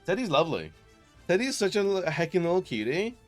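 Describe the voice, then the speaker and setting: A man's voice: high voice, very animated, fast talker, over music. Chatty male streamer. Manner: chatty, laughing, greets chat warmly, many fillers. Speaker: variety streamer. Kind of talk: casual live-stream chat.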